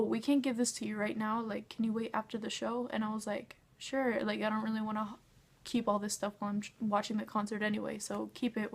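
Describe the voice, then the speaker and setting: A woman's voice: mid-range voice, darkish tone. A young woman telling a casual storytime vlog about meeting her idol. She gushes, says "like" constantly and acts out what everyone said. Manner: gushing, says "like" a lot, acts out quotes. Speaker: fan telling a concert story.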